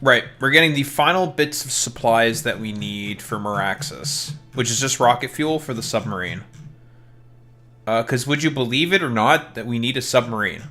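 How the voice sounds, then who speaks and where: A man's voice: medium pitch, moderate pace, pushed and bright, soft background music. A man streaming while he plays a game, chatting casually in joking, profane rants. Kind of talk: casual gameplay chat.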